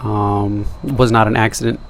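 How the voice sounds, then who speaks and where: Speaking to camera at a moderate pace, this young man has a lowish, flat-sounding voice with a bit of hiss or hum behind it. It's a rambling vlog monologue full of self-deprecating jokes and wandering asides.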